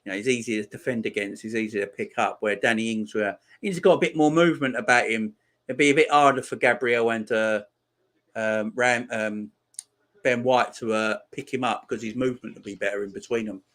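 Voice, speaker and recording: A man hosting a live football watchalong, giving casual commentary and chatting back to viewer comments. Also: a little fast. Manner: reacts loudly to chances on the pitch. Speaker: watchalong host.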